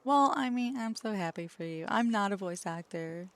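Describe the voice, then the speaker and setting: A woman's voice: mid-range voice, lively intonation, normal speed, no room sound. A woman streaming a video game, chatting casually and joking about herself with frequent laughs. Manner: self-deprecating, joking, laughs often. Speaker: VTuber streamer. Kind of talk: casual chat while gaming. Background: game music.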